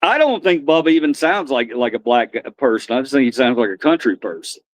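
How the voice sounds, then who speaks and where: A man's voice: mid-range voice, expressive, quick pace, dry recording. A man chatting casually on a live stream, rambling and often repeating and restarting his phrases.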